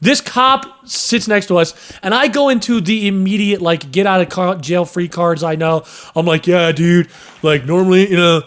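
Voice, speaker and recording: A young man casually telling a story on a podcast, animated, cursing and acting out sounds and voices. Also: sits high, normal speed, hardly any pauses. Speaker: podcast host.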